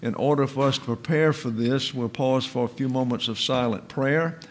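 A man's voice: medium pitch, normal speed. A man teaching a Bible doctrine lesson, carefully explaining how Greek words are pronounced and repeating terms with precision. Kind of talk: slow teaching sermon with Greek word study.

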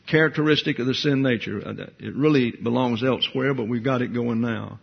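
A man's voice: medium pitch, brisk, gravelly, breathy edge. A man teaching a verse-by-verse Bible lecture, digressive, with wry asides and thinking aloud between points. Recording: dull lo-fi lecture recording.

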